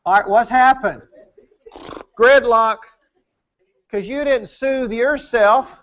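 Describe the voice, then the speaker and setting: A man preaching at a marriage conference during a church service, animated and acting out the voices in his stories. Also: very high-pitched, takes it slowly, highs cut off. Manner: animated, acts out quoted voices. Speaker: pastor.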